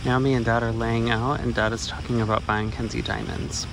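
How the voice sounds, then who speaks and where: A man's voice: mid-range voice, level tone, fairly quick, gravelly. A man hosting a family vlog, chatting upbeat to the camera. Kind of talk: casual vlog narration. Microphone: handheld phone camera. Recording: noisy phone video audio.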